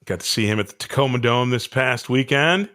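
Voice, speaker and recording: A man's voice: medium pitch, brisk, bright, forceful tone. A man co-hosting a podcast, teasing and joking in casual banter. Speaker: podcast co-host. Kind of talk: casual chat.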